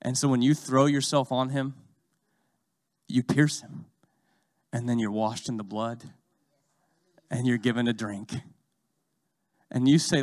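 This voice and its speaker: A man preaching a sermon, swinging from loud, fast urging to slow, hushed lines. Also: medium pitch, fairly even intonation.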